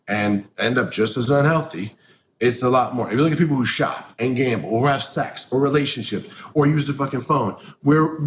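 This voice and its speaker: A man of middle pitch gives a candid interview. He talks bluntly, swears freely and is animated. A faint hum of background noise sits under his voice.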